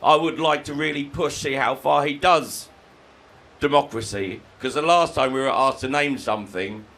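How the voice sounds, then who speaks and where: A man from the UK doing a live stand-up set, crude and sardonic, breaking into shouted rants. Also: mid-range voice, moderate pace, rough recording. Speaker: stand-up comedian. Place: comedy venue with live audience.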